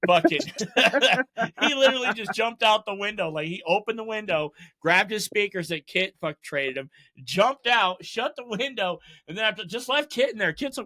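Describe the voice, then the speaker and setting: High bright-voiced man telling stories. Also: expressive, normal speed. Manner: profane storytelling, acting out friends' lines; laughs often while telling stories. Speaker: podcast host. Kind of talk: casual chat.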